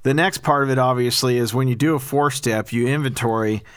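A man of medium pitch talks in an earnest, preachy way, laying out his points in long explanatory runs. His voice is smooth and resonant. He is recorded close on a dry mic with no room sound. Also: brisk, dry recording. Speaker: podcast co-host. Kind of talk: casual faith-based recovery talk.

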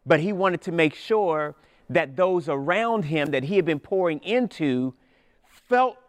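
A man preaching a sermon as pastor, retelling scripture in a lively storytelling way. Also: on the high side, measured pace, clean tone, dry recording.

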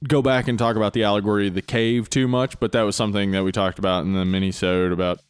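A man co-hosting a podcast in casual chat, jokey and quick to laugh. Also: on the low side, level tone, smooth, no echo, faint music behind. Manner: jokey, laughs often, puts on silly voices. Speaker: podcast co-host.

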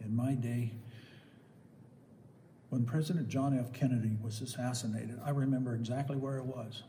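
An older man preaching a sermon, swinging from loud, emphatic exclamations to soft asides. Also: mid-range voice, fairly even intonation, normal speed, long reverb tail, a little hiss or hum.

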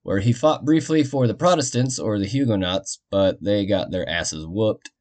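Laid-back male podcast host, lowish voice, jokey history narration with muttered asides. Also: normal speed, a little mellow. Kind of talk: casual storytelling narration.

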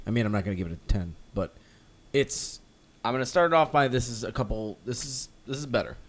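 Man, podcast co-host, casual rambling chat, mid-pitched voice, filler-heavy. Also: expressive, quick pace. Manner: rambling, lots of "like" and restarts, acts out characters loosely. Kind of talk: casual comic book discussion.

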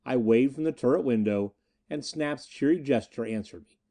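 A man narrating an adventure audiobook in the first person, reading in an expressive, dramatic way. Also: medium pitch, moderate pace.

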